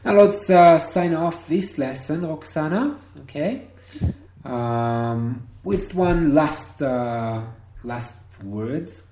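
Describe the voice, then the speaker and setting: A man teaching Hebrew one-on-one over a video call, patient and encouraging, repeating words slowly. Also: a little high, lively intonation, mellow. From Israel. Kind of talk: one-on-one online language lesson. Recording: roomy video call audio.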